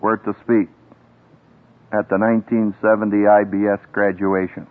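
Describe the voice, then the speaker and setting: A man preaching a sermon to graduates as their professor, with emphatic pauses and sweeping rises and falls in pitch. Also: little pitch movement. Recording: tinny, phone-like old radio recording.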